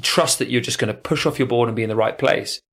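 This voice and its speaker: A man's voice: medium pitch, fast, creaky, fairly bright tone. A man hosting a podcast in casual chat, talking in an emphatic, motivational way.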